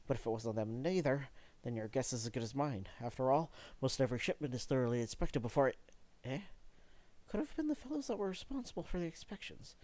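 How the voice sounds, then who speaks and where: A man's voice: medium pitch, very animated, quick pace, a little mellow, dry recording, natural voice. A man voicing a blunt, folksy working-class dock foreman while reading game dialogue aloud. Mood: gruff.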